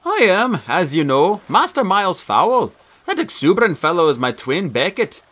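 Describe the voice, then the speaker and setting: A man voicing a calm, precocious boy genius who speaks in a polished, formal, precise way. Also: sits high, normal speed, pitched above the performer's own voice, full character voice. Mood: composed.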